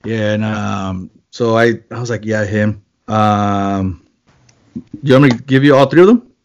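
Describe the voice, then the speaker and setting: A man's voice: on the low side, unhurried, muffled recording. A man chatting casually as a podcast co-host, loose and rambling, swearing and joking. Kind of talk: casual chat.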